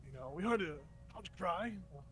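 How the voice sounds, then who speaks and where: Suspicious interrogating guard, voiced by a man: stern, probing, raised pitch. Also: animated, normal speed, fairly bright tone. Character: stern male guard questioning a townsman.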